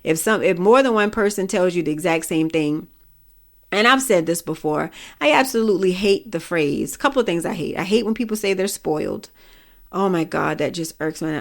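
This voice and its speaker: A woman's voice: lowish voice, moderate pace, creaky. A middle-aged woman hosting a podcast, talking candidly and bluntly in a casual opinion monologue, with some swearing. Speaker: podcast host.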